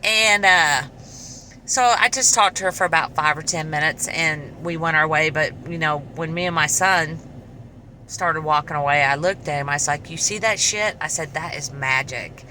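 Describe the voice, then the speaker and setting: A middle-aged woman casually telling a personal story to camera, chatty and animated, acting out the dialogue. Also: deep voice, moderate pace, slight background noise, low-quality recording. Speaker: vlogger.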